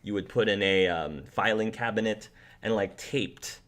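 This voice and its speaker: A man narrating as game master, describing scenes in a slow, rambling way. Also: fairly low pitch, a bit bright.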